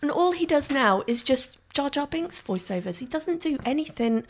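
A woman's voice: sits high, lively intonation, normal speed. A woman co-hosting a podcast in casual chat, exasperated and swearing freely. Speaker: podcast co-host.

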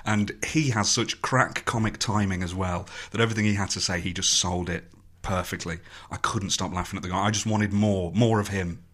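Man, low voice, bright tone, wry, opinionated film podcast host. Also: fairly even intonation, brisk, few pauses. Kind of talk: casual film review chat.

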